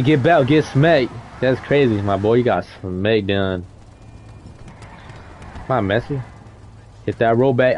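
A young man streams a game car meet, firing off loose, slangy banter and calling players in one by one. His voice sits at an ordinary pitch. Faint game noise runs underneath. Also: a little mellow. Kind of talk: casual live-stream commentary.

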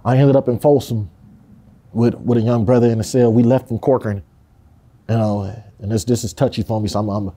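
A man's voice: mid-range voice, steady tone, fairly quick, dark tone, breathy edge. A man from Compton speaking in a candid interview, emphatic and full of street slang and profanity. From Compton, California.

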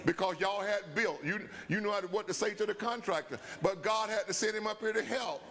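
An older man, a bishop and pastor, preaching at a Bible study and telling stories that climb into shouts, in a church sanctuary. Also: high voice, fairly quick. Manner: storytelling preacher, rising to shouts. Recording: long church-hall reverb.

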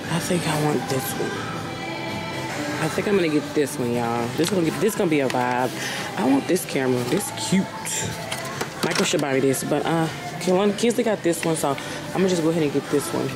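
A young woman talking casually to her camera, excited, slangy and swearing, with loud bursts and laughter. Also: low voice, normal speed, music in the background. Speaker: vlogger. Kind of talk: casual vlog chat to camera.

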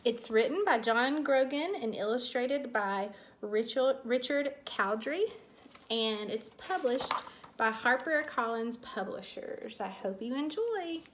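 A woman teacher reading a children's picture book aloud as a bedtime story, expressive and warm in delivery with voices for the characters. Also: a little high, a little slow, a little hiss or hum.

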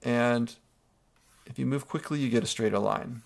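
A man's voice: mid-range voice, moderate pace, creaky. A male art teacher narrating a screen-recorded drawing tutorial, explaining each step patiently and checking in with students with a frequent "okay?".

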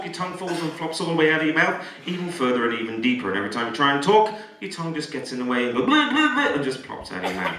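A man working as a stage hypnotist at a live comedy show, playful with volunteers and dropping to a slow soothing murmur for trance suggestions. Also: medium pitch. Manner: energetic and teasing with volunteers. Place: college auditorium stage. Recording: echoey hall from far off, audience laughter. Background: laughing audience.

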